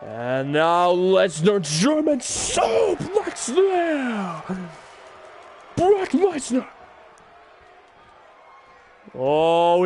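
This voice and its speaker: Very high-pitched excitable man commentating. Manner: excitable, frequent shouted exclamations. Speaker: gaming channel host. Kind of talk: play-by-play wrestling game commentary.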